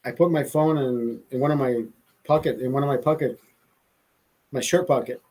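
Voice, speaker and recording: A man's voice: mid-range voice, steady tone, normal speed, a little mellow. A man hosting a casual livestream, rambling and swearing, laughing often as he talks to viewers. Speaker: livestream host.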